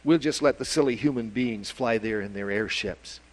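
A sober, careful mother owl from a bedtime tale, as a man puts her on. She speaks slowly and gravely, every word a warning. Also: fairly high pitch, very animated, a little mellow, low-quality recording.

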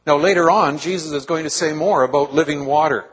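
A man's voice: fairly high pitch, fairly quick, husky, rough recording. A male pastor preaching a sermon to his congregation in a church, earnestly asking them questions.

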